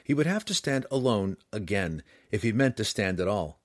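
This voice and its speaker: Middle-aged male narrator, fantasy audiobook; low, lively, dry close read. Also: moderate pace, no room sound. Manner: expressive storytelling delivery. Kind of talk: scripted narration.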